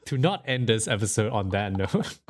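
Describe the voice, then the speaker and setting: A man's voice: fairly low pitch, normal speed. A man hosting a film podcast, talking casually with lots of fillers and frequent laughter. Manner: laughs often, filler-heavy, animated. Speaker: podcast host.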